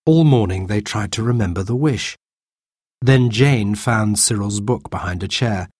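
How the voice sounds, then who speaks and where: Slow husky male storyteller. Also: lowish voice, a little mellow, no echo. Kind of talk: slow read-aloud storybook narration.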